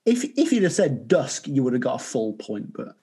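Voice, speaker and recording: A man's voice: mid-range voice, big pitch swings, normal speed, mellow, husky. A man hosting a podcast, chatting casually, joking and teasing, with frequent laughter. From Birmingham, England. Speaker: podcast host.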